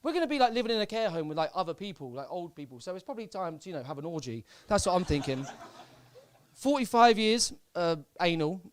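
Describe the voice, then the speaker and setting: A young stand-up comedian from Southampton, England, performs a live set on a comedy club stage. His male voice sits high and moves fast, deadpan and hesitant with many fillers and repeats, over slight background noise.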